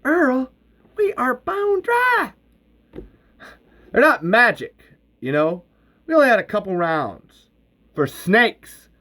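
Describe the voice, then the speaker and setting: A brash, gruff male survivalist who talks in loud grumbles with a lively, swinging pitch, as a man puts him on for a script reading. He sounds blunt and sure of himself. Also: a little slow, exaggerated voice.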